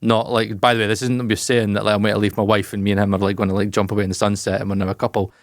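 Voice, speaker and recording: A man's voice: lowish voice, little pitch movement, racing, no echo, studio quality. A man co-hosting a podcast in loose, rambling casual chat, swearing and laughing often. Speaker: podcast co-host.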